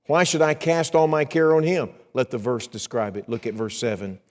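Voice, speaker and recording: A middle-aged man preaching in a church, his voice at an ordinary middle pitch. He acts out prayers in a rising, pleading tone and drops to a near hush when he talks about himself. The voice rings with a long reverb through the sanctuary. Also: level tone, normal speed. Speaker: evangelist. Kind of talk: sermon.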